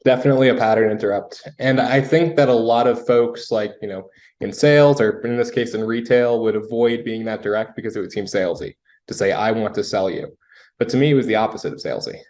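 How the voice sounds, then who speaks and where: Man telling a story in a relaxed way. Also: lowish voice, fast talker. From United States. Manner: relaxed storytelling with frequent fillers. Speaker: sales guest. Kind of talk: casual conversational interview.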